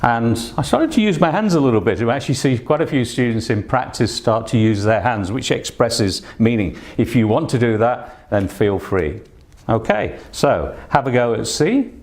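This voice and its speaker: A man's voice: medium pitch, lively intonation, moderate pace, darkish tone. A man teaching an online exam-prep lesson, patient and instructive, with plenty of "uh" and "um" fillers between his points. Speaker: English test teacher.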